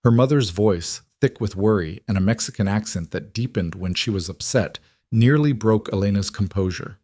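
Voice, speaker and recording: A man reading a scripted drama story in an even, plain way. His voice is fairly low and the recording is dry and close. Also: moderate pace, no echo. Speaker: narrator.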